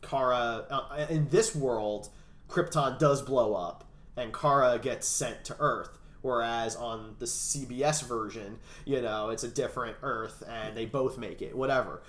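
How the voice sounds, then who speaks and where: A man's voice: medium pitch, measured pace, fairly bright tone. Male podcast host in an echoey room. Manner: steers talk, laughs easily. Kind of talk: casual panel chat. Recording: roomy echo.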